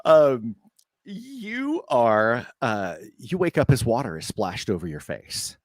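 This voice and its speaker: Slow, expressive male game master. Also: medium pitch, dry recording, studio quality. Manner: laughs often, unhurried narration with fillers. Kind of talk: narrating a tabletop game.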